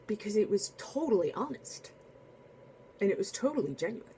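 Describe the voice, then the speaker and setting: A woman telling a casual spoken anecdote in a chatty, animated way, full of asides and restarts. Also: medium pitch, moderate pace, slight background noise. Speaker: storyteller.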